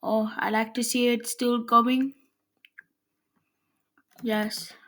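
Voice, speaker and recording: A woman's voice: on the high side, level tone, extremely slow, a bit bright. A woman giving casual gameplay commentary, chatting to herself while she builds. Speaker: gameplay video maker.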